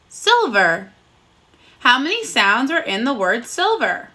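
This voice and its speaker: Bright, lively woman teaching first graders. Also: sits high. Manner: encouraging, slow and clearly enunciated, sounding out words. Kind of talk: recorded phonics lesson for children.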